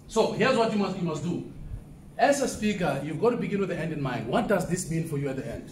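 A man from southern Africa speaks as a keynote speaker at a conference, talking in a high voice and putting questions to the audience as he goes. He is picked up from a distance, so his voice sounds roomy, with faint noise in the background. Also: animated, fast. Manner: conversational, asks the audience questions. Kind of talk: motivational business talk. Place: conference room, live audience. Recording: echoey room from off-mic.

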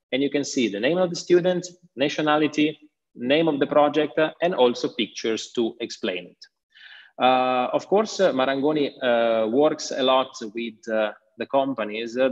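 A man with an Italian accent giving an online school presentation, hesitant with many fillers. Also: medium pitch. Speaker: school representative. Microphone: video call. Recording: dull lo-fi online call audio.

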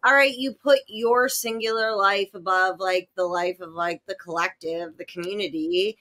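A woman's voice: medium pitch, fairly even intonation, moderate pace, fairly bright tone. A woman co-hosting a podcast, chatting casually and giving her opinions. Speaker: podcast co-host. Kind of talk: casual chat.

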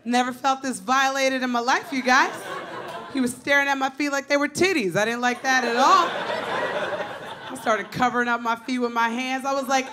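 A woman in her thirties performing a stand-up comedy set on a club stage, with a brash, punchy delivery and sudden shouted bits. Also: sits high. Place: comedy club stage before a laughing audience. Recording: live club recording with audience laughter.

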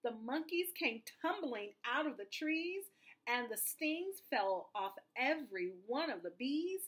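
A woman's voice: high-pitched, big pitch swings, a little slow, fairly bright tone, husky. A woman reading a rhyming picture book aloud in a sing-song storyteller manner.

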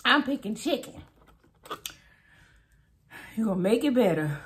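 A woman vlogger chatting to camera as she eats through a food challenge. Her voice sits on the high side and swoops up and down with big energy. She speaks at an unhurried pace, breaking into exclamations and chants. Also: loud music behind the voice. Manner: animated, exclaiming and chanting to the wheel. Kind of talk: casual talk to camera while eating.

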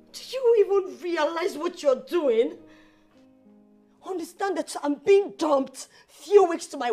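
A high, slow-spoken young woman with a Nigerian accent, a desperate jilted bride begging her fiancé to explain. Soft music plays under the scene of this film drama. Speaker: actress in a film.

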